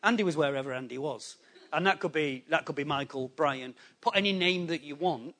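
A man preaching a sermon to a congregation, animated and conversational, acting out people's excuses in quick quoted voices. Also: a little high. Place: church hall before a congregation.

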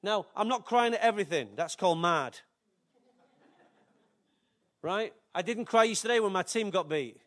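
Older pastor, high-pitched and chatty. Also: male voice, lively intonation, normal speed, pauses often, fairly bright tone. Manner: conversational, jokey preaching with asides to the congregation. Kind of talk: sermon.

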